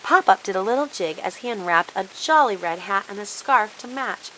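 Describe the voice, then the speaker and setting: A woman reading a children's storybook aloud in an expressive, animated way. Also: medium pitch, normal speed, slight background noise, low-quality recording.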